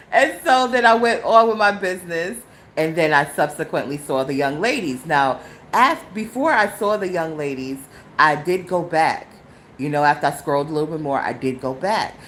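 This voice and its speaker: Middle-aged woman, podcast host, animated storyteller, mocks in low tones, rises high in indignation, faint background hiss. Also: moderate pace, poor audio. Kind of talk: solo live podcast monologue.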